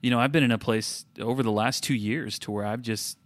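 In a dry recording, a podcast co-host in his thirties discusses faith casually, his medium-pitched voice steady, fairly quick and fairly bright. He muses reflectively, often restarting sentences and correcting himself.

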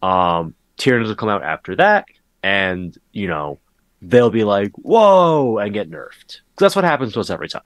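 A man's voice: lowish voice, very animated, normal speed, a bit bright, no echo. A man co-hosting a podcast in casual gaming chat, wry and skeptical, with many fillers. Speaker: podcast co-host.

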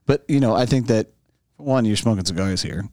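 A man's voice: lowish voice, a little fast, a little mellow, no echo, clean studio sound. A man co-hosting a podcast in casual chat, joking around and swearing freely. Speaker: podcast co-host. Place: Florida studio.

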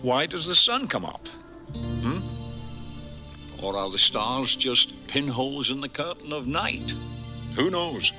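A man's voice: mid-range voice, lively intonation, takes it slowly, long pauses, music in the background. An actor playing an older immortal swordsman mentor with a Scottish accent, lofty and scornful. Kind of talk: film dialogue.

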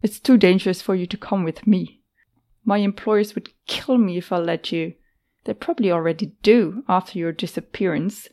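A woman voicing a brave, guarded young woman who rescues people, sarcastic and quick with retorts. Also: fairly low pitch, dark tone, lightly acted. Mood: serious.

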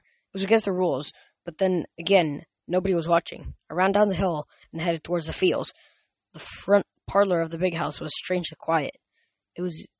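A man's voice: on the high side, no echo. A man reading a novel aloud, often stumbling and correcting himself. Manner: frequent slips and self-corrections. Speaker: reader.

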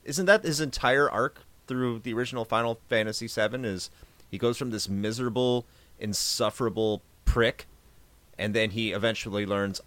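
A man's voice: lowish voice, moderate pace, a bit bright, no room sound. A man guesting on a podcast, sarcastically and crudely ranting about a movie in casual chat.

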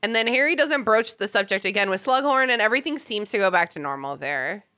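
Bright-voiced woman podcast host. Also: medium pitch. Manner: animated, swearing, quick asides. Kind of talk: casual podcast chat.

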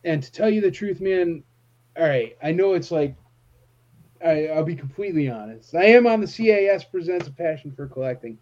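A man talks in an easygoing, candid way, with "dude" and "man" scattered through his sentences. His voice is dark and mellow. The recording sounds dull and lo-fi. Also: fairly high pitch, animated, moderate pace. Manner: laid-back, candid, uses "man" and "dude". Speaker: convention promoter. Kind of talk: casual chat.

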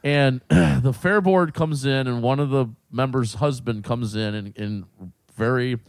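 A man's voice: mid-range voice, measured pace, clear, resonant tone, dry recording, clean studio sound. A man telling a rowdy story in casual chat, colloquial and rambling, laughing and swearing as he goes.

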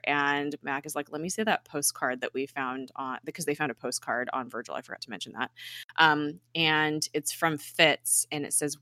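A woman's voice: deep voice, bright, forceful tone, no room sound, studio quality. A woman recapping a TV episode in a chatty way. She acts out the characters' lines and fills her speech with "like". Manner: chatty retelling, acts out dialogue, many "like" fillers. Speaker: podcast host recapping a TV episode. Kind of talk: casual chat.

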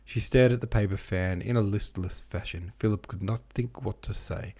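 A man with a very deep voice narrates a classic novel for an audiobook. His reading is steady and measured throughout. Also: slightly rough. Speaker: audiobook narrator and podcast host.

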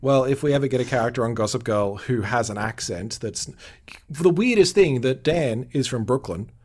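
A man's voice: medium pitch, expressive, normal speed, a little mellow. Chatty man hosting a podcast. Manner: chatty, explains at length, laughs easily. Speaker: podcast host. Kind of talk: casual podcast chat.

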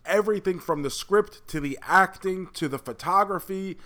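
A man with a fairly high voice co-hosts a casual pop culture chat. He talks in an animated way, swears freely and exaggerates for comic effect. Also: moderate pace. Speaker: podcast co-host.

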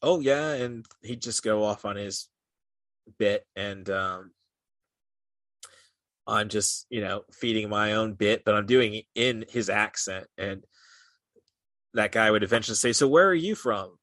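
A fairly low-pitched young man, chatting casually as a podcast co-host. His voice is bright and forceful, and he rambles along with plenty of "like" and "uh." The sound is dry and close, with no room around it. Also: little pitch movement, unhurried, long pauses, no echo. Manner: rambling, heavy on "like" and "uh" fillers. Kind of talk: casual chat.

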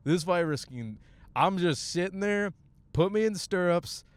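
A young stand-up comic from Michigan hosts his own podcast while riding a bus, rambling through crude jokes in casual talk, animated and breaking into sudden high-pitched bits. His voice has a clean tone at a measured pace.

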